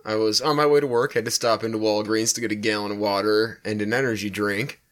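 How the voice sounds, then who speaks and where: A man co-hosting a podcast, telling an anecdote in a relaxed, casual way with some swearing. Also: lowish voice, fast talker. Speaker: podcast co-host. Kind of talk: casual chat.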